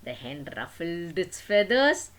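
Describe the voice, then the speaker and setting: Animated older woman telling a story. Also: lowish voice, slow. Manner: animated, dramatic. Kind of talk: storytelling to children.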